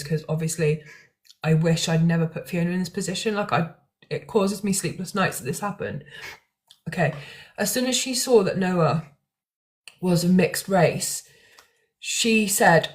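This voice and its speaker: A woman's voice: fairly low pitch, moderate pace. A young woman talking to camera about true crime, emotional and rambling, with restarts and fillers. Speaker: true crime content creator. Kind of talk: casual talk to camera.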